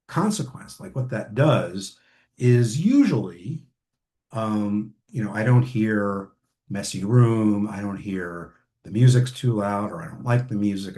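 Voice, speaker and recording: A man, a family therapist, lecturing to trainees and telling case stories in a halting way with many fillers and restarts. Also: fairly low pitch, a little mellow.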